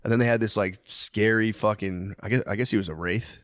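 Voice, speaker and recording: A man's voice: fairly low pitch, fairly even intonation, a little fast, a bit bright, no echo, studio quality. Rambling, profane male podcast host. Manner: loose, rambling, swears a lot and laughs often. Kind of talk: casual podcast banter.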